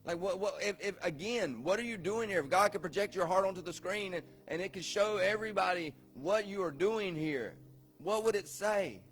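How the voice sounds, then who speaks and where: A pastor preaches informally to a recovery group, repeating himself and asking the room questions. He swings from quiet, low and slow to loud shouts.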